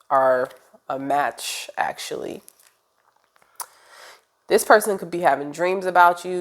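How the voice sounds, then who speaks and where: Low-voiced woman giving a tarot reading. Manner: chatty, rambling, direct address with fillers. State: congested with a cold. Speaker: tarot reader.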